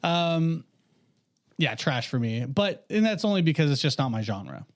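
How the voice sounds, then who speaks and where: A man's voice: a little high, very animated, moderate pace. A man co-hosting a casual podcast, laid-back and slangy. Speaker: podcast co-host. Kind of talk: casual chat.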